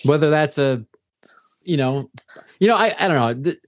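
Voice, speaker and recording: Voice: mid-range voice, moderate pace, dry recording. Laid-back co-host, rambling chat, dry close sound. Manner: relaxed, rambling, laughs often. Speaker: podcast co-host. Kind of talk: casual chat.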